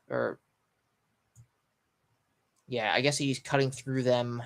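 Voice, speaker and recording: A sleepy, yawning man doing a casual live read-through and reaction, pausing often with ums and restarts. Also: mid-range voice, steady tone, vocal fry. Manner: halting, stops often with ums and restarts while reading. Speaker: live manga reaction streamer.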